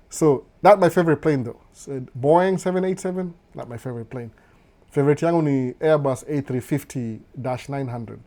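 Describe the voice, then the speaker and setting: Reading comments aloud as they arrive, a middle-aged Kenyan host runs a laid-back live chat, shifting freely between Swahili and English. He speaks in a mellow, even, medium-pitched voice and frequently waves things off with a quick "no, no" and a laugh.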